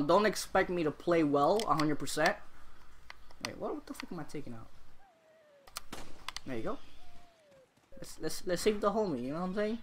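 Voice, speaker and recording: A young man with a cold, hosting a gaming channel and giving excitable, chatty let's-play commentary while talking to the game. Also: on the high side, slight background noise. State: under the weather, coughing.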